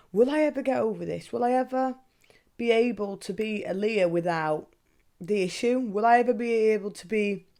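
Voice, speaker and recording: A young woman hosting a podcast, talking casually and candidly, swearing freely and asking herself questions out loud. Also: a little high. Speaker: podcast host. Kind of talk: casual monologue.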